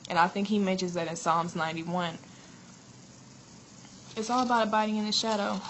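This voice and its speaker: A woman's voice: mid-range voice, steady tone, normal speed, slight background noise, poor audio. A woman sharing a spiritual testimony in a chatty, earnest way, often laughing as she retells it. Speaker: prophetess sharing a vision.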